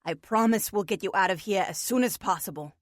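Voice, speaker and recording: A woman voicing an earnest, protective grown man who speaks low and sincerely. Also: fairly quick, no room sound, clean studio sound, lightly acted.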